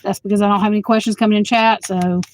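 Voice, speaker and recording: A woman tarot reader chatting casually to her livestream viewers, blunt and outspoken, swearing freely and quick to flare up at the chat. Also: mid-range voice, fairly even intonation, darkish tone, slight background noise, poor audio.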